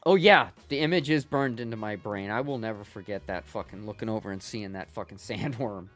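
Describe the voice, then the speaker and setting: A man's voice: fairly low pitch, brisk, fairly bright tone, faint music behind. A middle-aged man chatting casually with viewers on a gaming livestream, telling rambling, profane stories with many restarts.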